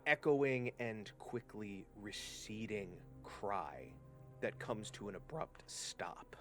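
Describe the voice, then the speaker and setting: A man's voice: medium pitch, a little slow, over music. A man running a tabletop game as game master, narrating the scene in a descriptive way with some hesitant fillers.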